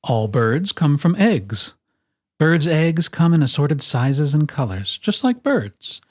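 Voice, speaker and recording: At an unhurried pace, a storyteller with a mid-range voice reads a children's picture book aloud, rising and falling in a lively, expressive way and giving each item in a list playful emphasis. The sound is dry and close, with no room sound.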